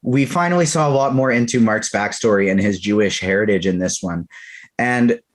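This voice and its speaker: A man's voice: fairly low pitch, moderate pace. A man from Canada, a podcast co-host, chatting animatedly about a TV episode in a casual review. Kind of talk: casual pop-culture review chat.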